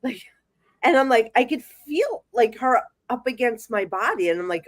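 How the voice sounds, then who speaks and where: A fairly high-voiced woman with a New Jersey accent chats as a guest on a radio show. She tells her stories in a lively way and acts out the voices she quotes. The sound is dry and close. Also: normal speed, dry recording. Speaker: psychic medium guest. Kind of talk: casual chat.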